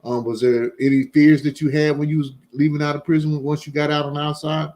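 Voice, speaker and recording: A man hosting a podcast, asking questions in a relaxed, colloquial way and backing up his guest. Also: a little high, fast talker. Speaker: podcast host. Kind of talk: casual interview chat.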